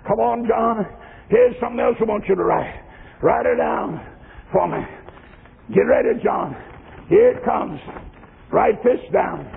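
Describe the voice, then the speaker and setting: A man voicing a commanding divine master who urges his servant to write, in a low, pressing tone. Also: a little slow, vocal fry, pauses often, a little hiss or hum, heavily acted. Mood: urging. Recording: tinny lo-fi recording in echoing hall.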